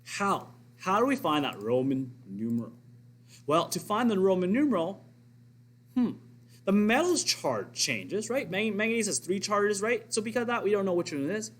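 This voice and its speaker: A man teaching a recorded science lesson, explaining step by step and asking and answering his own questions. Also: high-pitched.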